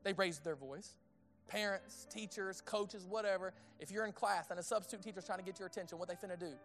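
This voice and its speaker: A man preaching a sermon in a conversational way, asking the audience questions and dropping to a hushed tone on intimate points. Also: sits high, a little fast, soft background music. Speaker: pastor.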